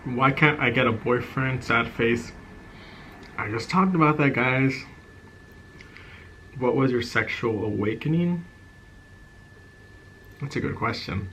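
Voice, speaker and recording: A man's voice: medium pitch, slow, long pauses, sharp tone. A man chatting casually while eating in his apartment, candid and loose, trailing off between bites. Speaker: ASMR and vlog creator. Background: faint outside noise of passing cars.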